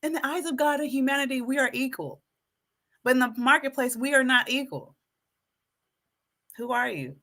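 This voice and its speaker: Bright-voiced woman hyping up her live stream. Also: high voice, normal speed, long pauses. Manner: animated, preachy, hypes herself up; keeps addressing viewers as folks. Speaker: YouTube live stream host. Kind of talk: casual live stream chat.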